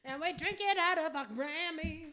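A woman's voice: very high-pitched, moderate pace, sharp tone. A woman co-hosting a podcast in casual chat, playful and tipsy, bantering and laughing often. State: tipsy from drinking. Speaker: podcast co-host.

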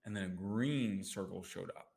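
A man talking as a life coach in a casual interview. He explains his methods in an animated way and acts out inner voices with jumps in pitch. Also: moderate pace, gravelly. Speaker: life coach and NLP practitioner.

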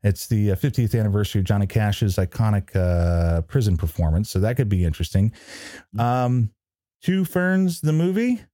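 A man's voice: lowish voice, expressive, moderate pace, mellow, no room sound, clean studio sound. A man co-hosting a podcast, talking casually with a rambling, hesitant manner full of fillers and restarts. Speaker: podcast co-host. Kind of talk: casual chat.

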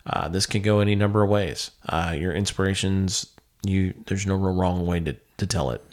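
A man hosting a podcast, asking long open questions in a relaxed, joking way. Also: deep voice, moderate pace. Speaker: podcast host. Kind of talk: casual interview chat.

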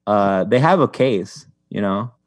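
A man's voice: lowish voice, expressive, a little slow, no echo, studio quality. A young man telling stories in a rambling way as a podcast guest, with many restarts and fillers. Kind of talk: casual chat.

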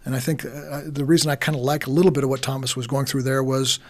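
A man's voice: mid-range voice, flat delivery, fast talker. A man in casual conversation about faith and doubt, rambling, repeating words and using many fillers.

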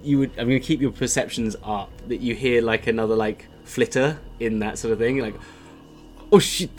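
A man's voice: medium pitch, steady tone, brisk, faint music behind. A man narrating as dungeon master in a loose, rambling way with lots of fillers. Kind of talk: narrating a tabletop game.

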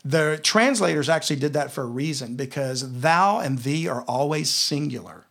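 Man, Southern US accent, Bible teacher, storytelling, slightly high voice, slows for scripture. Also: lively intonation, creaky, a bit bright. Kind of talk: conversational Bible lesson.

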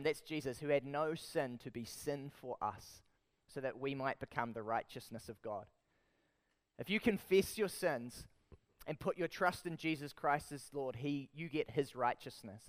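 A man with a New Zealand accent preaching a sermon, lively and emphatic, putting rhetorical questions to the congregation. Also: on the high side, clean tone. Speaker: pastor.

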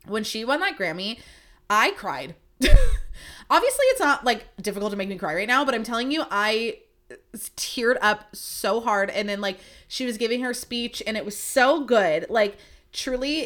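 A woman's voice: mid-range voice, fairly bright tone. A young woman hosting a solo podcast, gushing and swearing as she rambles with lots of fillers, emotional and close to tears. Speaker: podcast host.

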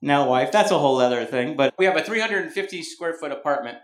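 A man's voice: fairly high pitch, expressive, fast. A man from California doing a rambling, self-mocking stand-up set on a club stage before a live audience. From Mountain View, California. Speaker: stand-up comedian. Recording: roomy live club recording, background noise.

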